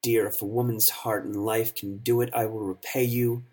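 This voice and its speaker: A man's voice: on the low side, little pitch movement, normal speed, darkish tone, natural voice. A man voicing a devoted young woman who speaks tenderly and with emotion in an audiobook story.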